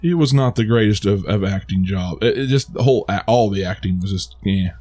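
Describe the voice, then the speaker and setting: A man's voice: fairly low pitch, a little fast, warm tone. A man co-hosting a podcast, chatting casually about a movie with a lot of restarts and self-amused laughs. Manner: rambling, many restarts, laughs at his own jokes. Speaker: podcast co-host. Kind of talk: casual movie review chat.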